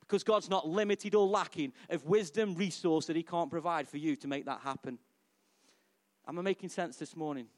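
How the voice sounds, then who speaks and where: A middle-aged pastor delivers a sermon in a lively, chatty style, often turning to the congregation with questions. His voice sits a little higher than most men's. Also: normal speed. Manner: animated, conversational preaching with questions to the congregation.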